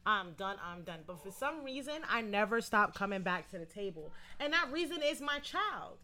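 A woman co-hosting a casual chat, telling a story with slangy, profane talk. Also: normal speed. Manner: animated storyteller, quotes others in lowered voice. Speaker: podcast co-host.

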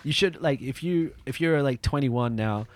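A man's voice: medium pitch, moderate pace. A middle-aged man from South Africa chatting casually as a podcast guest, laid-back, cursing freely and laughing often. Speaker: guest, studio owner and producer.

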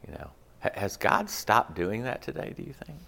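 A man preaching a sermon in an animated, rhetorical way, often checking in with the congregation. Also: lowish voice, moderate pace, gravelly, breathy edge. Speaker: pastor.

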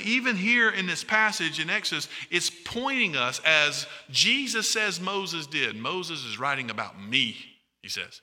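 Animated preacher in a reverberant hall. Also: male voice, a little high. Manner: animated, asks the congregation questions. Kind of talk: sermon.

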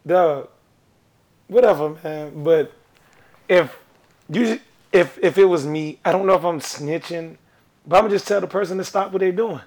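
A man co-hosting a podcast in casual chat, animated and jumping between ideas. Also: on the high side, normal speed, pauses often. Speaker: podcast co-host.

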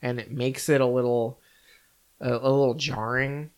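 A man's voice: mid-range voice, moderate pace, lo-fi sound. Casual male podcast co-host, loose and rambling, full of "like" fillers. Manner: relaxed, rambling, many "like" fillers. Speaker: podcast co-host reviewing films. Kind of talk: casual chat.

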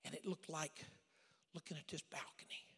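High, gravelly evangelist preacher in a reverberant church. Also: male voice, fairly even intonation, moderate pace, bright, forceful tone. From Oklahoma. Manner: dramatic storytelling, dropping to whispers for emphasis. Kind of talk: sermon. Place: church sanctuary. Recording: long church hall reverb.

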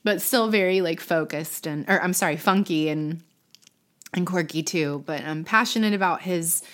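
A woman's voice: fairly low pitch, moderate pace, a bit bright. A woman, a guest on a casual podcast, sharing family memories and advice, laughing and getting teary. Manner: emotional, tearful at times, laughs often. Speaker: podcast guest, TV news personality. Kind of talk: casual interview chat.

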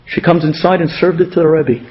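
A man giving a religious talk, telling stories in an animated way and acting out the people in them. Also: on the high side, a little fast. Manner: animated storyteller who acts out the people in his stories. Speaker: inspirational speaker. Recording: dull lo-fi radio recording.

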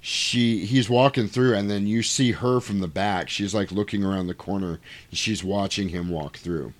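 A man casually retelling a movie's plot, jumping into quick acted-out quotes of the characters. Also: on the low side, steady tone. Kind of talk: casual movie recap chat.

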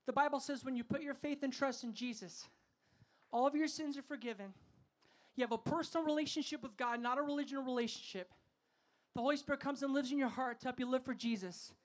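A man preaching a sermon to a festival crowd, fervent and calling for responses, sometimes rising to shouts. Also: very high-pitched, fast.

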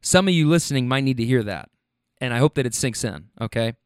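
A man hosting a casual monologue, animated and frank, swearing freely as he retells a conversation. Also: medium pitch, quick pace, clean tone, no echo, clean studio sound.

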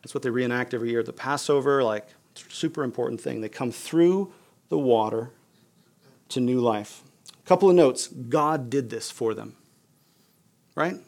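A man preaching a sermon in a relaxed, chatty manner, explaining scripture like he is talking to friends. His voice sits mid-range with a gravelly, lightly fried texture. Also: medium pitch, normal speed, pauses often. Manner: conversational, casual with fillers like "you guys" and "like". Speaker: pastor.

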